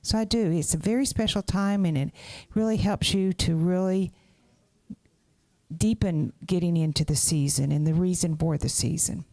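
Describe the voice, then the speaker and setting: Low-voiced woman giving church announcements. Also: moderate pace, warm tone, no room sound. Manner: chatty, self-correcting.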